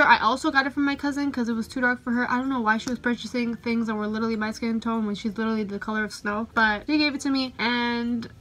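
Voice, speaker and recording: Young woman, chatty, gushing, lots of "like", higher-pitched voice, casual product review vlog. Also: a bit bright. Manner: chatty, gushing, heavy use of "like". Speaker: beauty vlogger.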